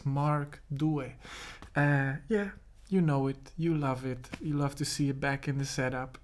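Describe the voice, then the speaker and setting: A man hosting a casual music vlog from his home studio, talking in a laid-back, rambling way with plenty of fillers. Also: mid-range voice. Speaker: music producer and host.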